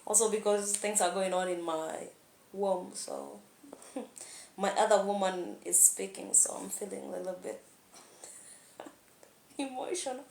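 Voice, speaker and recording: A woman's voice: medium pitch, steady tone, unhurried, vocal fry, long pauses, darkish tone. A young woman talking candidly in a rambling vlog monologue, laughing often. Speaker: vlogger. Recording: echoey room.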